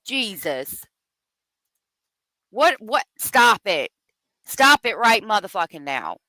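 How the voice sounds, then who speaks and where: Woman host for unscripted true crime commentary: lively pitch that swings hard, bright edge, swearing and worked-up. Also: slow, dry recording, low-quality recording. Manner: profane, exasperated ranting.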